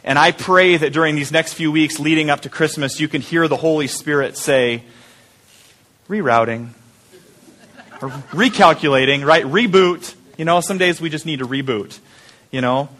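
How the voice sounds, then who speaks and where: A man's voice: a little high, a bit bright. A man preaching a conversational sermon as pastor, often repeating words and asking the congregation questions. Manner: halting with frequent repeated words.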